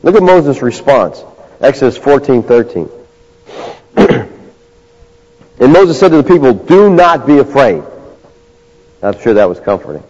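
A man preaching a sermon, conversational, moving between quiet asides and raised, emphatic bursts. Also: mid-range voice, sing-song, measured pace, pauses often. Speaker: pastor. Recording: dull lo-fi sound.

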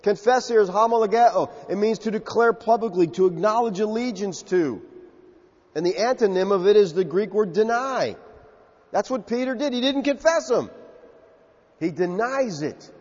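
A man's voice: high voice, lively intonation, normal speed, darkish tone, husky. A man with a Southern US accent preaching a sermon, emphatic and acting out quotes in character. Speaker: pastor. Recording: muffled, echoey hall.

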